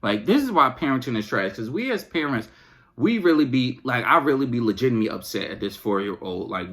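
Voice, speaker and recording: A man's voice: medium pitch, expressive, a little fast, a bit bright. A man hosting a podcast, venting in a casual, exasperated, slangy rant. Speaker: podcast host.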